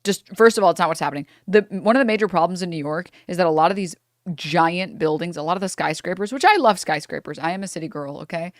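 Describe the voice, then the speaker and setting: A woman's voice: lowish voice, expressive, fast talker, no room sound, studio quality. A young woman streamer ranting angrily in a profane reaction commentary, breaking into laughter between outbursts.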